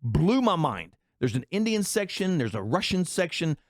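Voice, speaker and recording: A man's voice: a little high, sing-song, normal speed, no echo, clean studio sound. An American man ranting angrily in profane commentary, rambling through a story and a political complaint. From United States. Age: adult.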